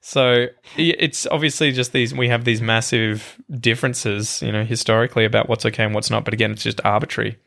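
Aussie guy in his 30s, guest on a podcast, chatty, keeps hedging and laughing at himself, mid pitch. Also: steady tone, a little fast, gravelly, hardly any pauses, fairly bright tone. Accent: Australian. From Australia. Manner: chatty, hedging and self-deprecating. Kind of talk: casual chat.

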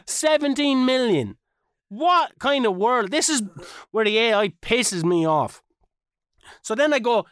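A man's voice: extremely high pitch, unhurried, clean tone, no room sound, studio quality. A man co-hosting a podcast, telling a gaming story with lots of swearing and acted-out quotes. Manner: animated, swears a lot, acts out quotes. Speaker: podcast co-host. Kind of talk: casual gaming chat.

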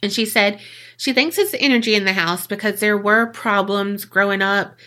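A woman's voice: mid-range voice, moderate pace, bright, forceful tone. A woman co-hosting a podcast, telling a spooky story in a chatty, casual way and swearing freely. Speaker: podcast co-host.

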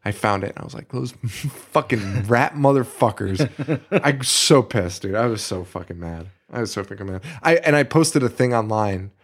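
He's a podcast co-host with a fairly low voice, speaking a little fast and barely pausing. Recorded on a studio microphone, he rants casually and animatedly, with plenty of cursing.

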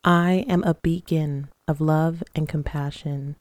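A woman with a low, mellow voice leads listeners through guided affirmations. She talks slowly and calmly, with a soothing, steady manner. The recording is dry and close. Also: dry recording. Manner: slow, calm, soothing guidance. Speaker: podcast host.

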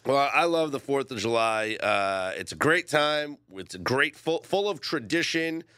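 Bright, enthusiastic sports radio host man. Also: mid-range voice, animated, unhurried, clear, resonant tone, dry recording, studio quality. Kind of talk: casual sports radio chat.

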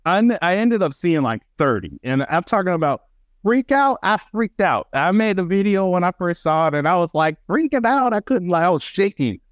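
Excitable storytelling man, dry studio sound. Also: high-pitched, a little fast, few pauses, dry recording. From Wisconsin, USA. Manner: animated storyteller, excitable, many fillers. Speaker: birding guest expert. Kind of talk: casual radio chat.

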